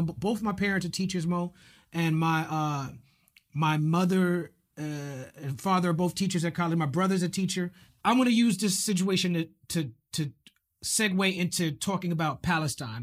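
A male podcast host speaking in an earnest, measured way in casual interview talk. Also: sits high.

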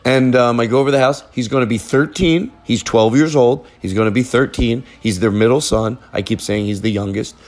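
A man's voice: medium pitch, fairly quick, few pauses. A middle-aged man hosting a casual podcast from a relative's living room, rambling and joking as he goes. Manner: rambling, joking, self-interrupting. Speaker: podcast host. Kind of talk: casual chat recorded with family. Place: living room at a relative's house, fire going.

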